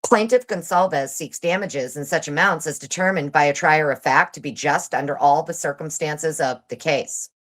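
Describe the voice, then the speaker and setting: Woman livestream host with a low voice, fast reader, sarcastic and swearing. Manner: sarcastic and profane. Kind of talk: casual livestream chat and reading aloud.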